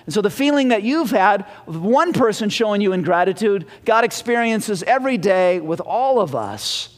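A man's voice: high voice, expressive, normal speed. A man preaching a sermon in a folksy manner, asking his listeners questions. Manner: folksy, asks the congregation questions. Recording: long reverb of a church hall.

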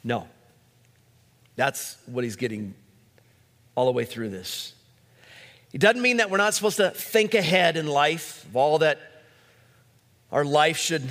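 Middle-aged male pastor, slightly high voice, chatty sermon with a long hall echo. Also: fairly bright tone. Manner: conversational preaching with asides and anecdotes. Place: church sanctuary.

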